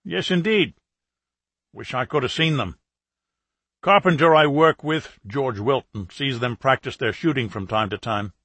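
Chatty middle-aged plumber and ex-soldier, gossipy pub talk, raised pitch, husky edge, read by a male audiobook narrator. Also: a little slow, a bit bright, dry recording. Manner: gossipy, talkative.

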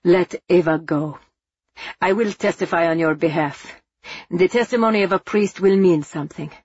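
A woman's voice: fairly low pitch, normal speed, husky, dry recording, dull audio. A woman reading as a defiant male priest. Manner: challenging and quiet.

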